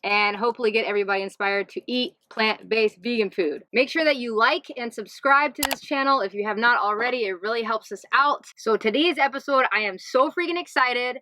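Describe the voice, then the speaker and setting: An enthusiastic woman chef hosts a casual cooking vlog, chatty and upbeat. Her voice is bright and fairly high, recorded dry and close. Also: fairly quick, few pauses, no room sound, poor audio. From US East Coast. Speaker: host, plant-based chef.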